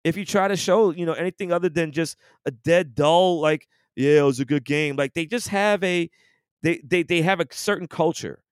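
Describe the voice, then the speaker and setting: A man's voice: high-pitched, normal speed, clear, resonant tone, no room sound, clean studio sound. A man co-hosting a podcast, ranting in casual, profane sports chat. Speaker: podcast co-host.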